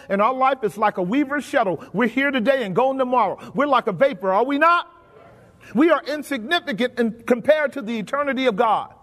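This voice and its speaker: With a very high-pitched, slightly bright voice, a male preacher delivers his sermon in the sanctuary, asking the congregation questions and lapsing into folksy, colloquial phrasing. The church hall adds a long reverb.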